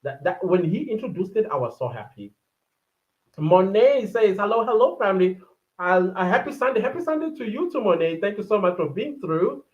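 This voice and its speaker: South African woman, livestream host, chatty and animated, muffled low-fi sound. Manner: chatty, animated, quick asides and laughs. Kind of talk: casual livestream chat reading viewer comments. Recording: dull lo-fi livestream audio.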